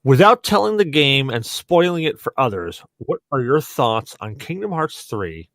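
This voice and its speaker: A man's voice: medium pitch, moderate pace, no room sound, clean studio sound. Tipsy man telling a rowdy story. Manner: animated, swearing, laughing through stories. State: tipsy from rum. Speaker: podcast host. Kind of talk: casual storytelling chat.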